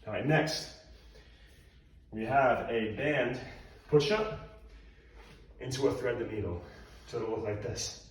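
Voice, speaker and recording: A male personal trainer, out of breath, gives coaching cues while demonstrating exercises in a room at home. His medium-pitched voice sounds distant and off-mic in a very echoey room.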